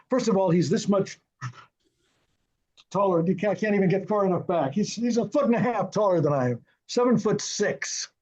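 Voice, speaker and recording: An older man with a fairly high voice tells stories from a film set, animated and chuckling, slipping into the voices of the people he quotes. The sound is a little dull and lo-fi. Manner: lively, acts out quoted dialogue, chuckles often. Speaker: film and television director, interview guest. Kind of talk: anecdotal storytelling in an interview.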